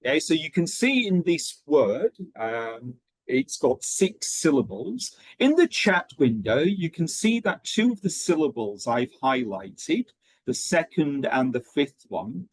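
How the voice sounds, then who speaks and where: A man running an online teacher training session, talking in a steady rhythm with frequent ums and okays. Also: fairly high pitch, unhurried, no room sound, poor audio.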